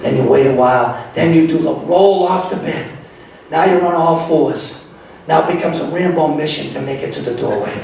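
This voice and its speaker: A man's voice: a little high, normal speed, creaky, darkish tone, a little hiss or hum. A middle-aged man doing stand-up comedy, telling exaggerated stories and acting out his own lines. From Italian-American. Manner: exaggerated storytelling, acts out his own voice in quotes. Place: comedy club stage. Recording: echoey club recording from far off. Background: audience laughter.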